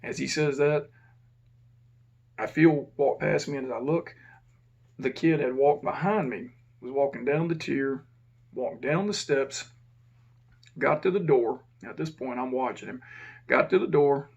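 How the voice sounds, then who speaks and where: A former prison officer telling a casual, profane story and acting out the dialogue. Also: male voice, medium pitch, a little slow, creaky, pauses often, lo-fi sound.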